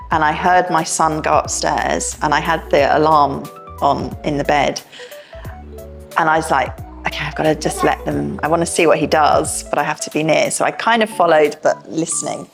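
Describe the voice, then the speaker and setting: Woman, middle-aged, low-pitched, rambling and chatty with parents, faint music under. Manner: chatty and warm-hearted, with many fillers and restarts. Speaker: education director speaking to parents. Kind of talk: informal talk to parents, personal anecdotes.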